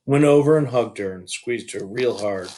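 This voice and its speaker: A man reading a children's novel aloud as a teacher, animated with asides. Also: mid-range voice, normal speed.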